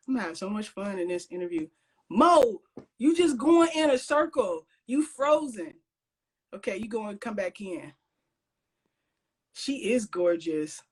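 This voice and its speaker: A woman hosting a casual interview over a video call, bubbly and laughing often. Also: fairly high pitch. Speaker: host.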